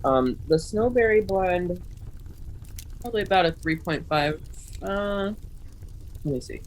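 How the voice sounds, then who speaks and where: A woman in a casual chat, hesitant and filling her pauses with ums. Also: lowish voice, animated, slight background noise, poor audio.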